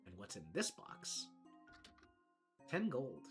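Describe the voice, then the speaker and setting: A streamer giving relaxed, chuckling commentary during a video game playthrough. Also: medium pitch, takes it slowly, soft background music.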